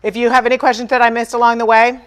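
A woman's voice: on the high side, level tone, very fast. Lady doing a diy livestream, chatty, jokes on herself, does voices in her stories. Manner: chatty storyteller, acts out dialogue, self-deprecating humor. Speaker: furniture painting livestream host. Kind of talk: casual livestream chat.

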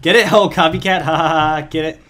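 A young man giving goofy, pun-filled gameplay commentary as a gaming YouTuber, often jumping to excited yelps. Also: a little high, fairly quick, faint music behind.

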